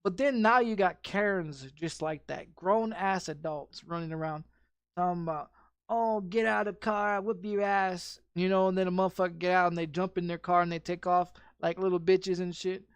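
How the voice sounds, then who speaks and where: A man's voice: high voice, steady tone, a little fast, clean tone, no echo. A man ranting casually while streaming a game, swearing constantly and restarting his sentences. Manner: profane, rambling, heavy restarts and repeats. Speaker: gaming streamer.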